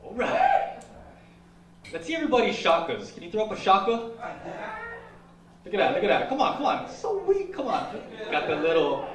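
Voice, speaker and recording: A male comic with a high, bouncy voice opens his set by playfully ribbing the audience. The room is echoey and the mic is distant, with a live crowd clearly heard. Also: huge pitch swings, moderate pace, long pauses. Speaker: stand-up comedian. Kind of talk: stand-up crowd work.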